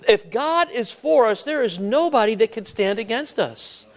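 With animation and a moderate pace, this high-voiced preacher talks to his congregation in an earnest, conversational way, often questioning them and circling back to repeat or restart his words.

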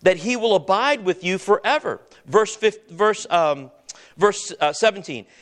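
High-voiced preacher asking the congregation. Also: male voice, lively intonation. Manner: preaching with call-and-response questions to the congregation; slows down to stress words, then drops low and quiet. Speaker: pastor. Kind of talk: sermon.

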